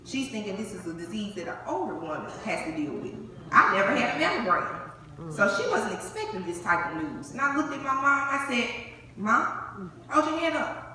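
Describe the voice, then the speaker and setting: A woman's voice: medium pitch, fairly quick. A young woman, telling her own survival story to a live audience and acting out each voice in it. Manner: animated, acts out the dialogue. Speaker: breast cancer survivor giving a testimony. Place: large hall before an audience. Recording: echoey hall, far from the mic, crowd noise.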